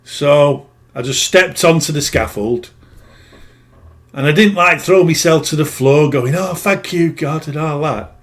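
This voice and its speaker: A spiritual healer in middle age rambles through a personal anecdote, speaking plainly and frequently backtracking to fix what he said. His pitch runs on the high side and his pace is measured, in the manner of a relaxed monologue.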